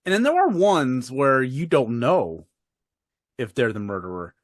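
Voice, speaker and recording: A man's voice: mid-range voice, very animated, unhurried, no echo, studio quality. A man co-hosting a podcast in casual chat, rambling with frequent laughs and casual swearing. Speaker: podcast co-host.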